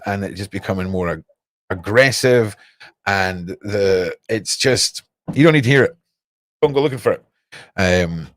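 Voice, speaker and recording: A man's voice: fairly low pitch, no room sound. A young man hosting a livestream, rambling casually and talking straight to his chat viewers. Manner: rambling, cryptic, chats to viewers. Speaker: livestream host.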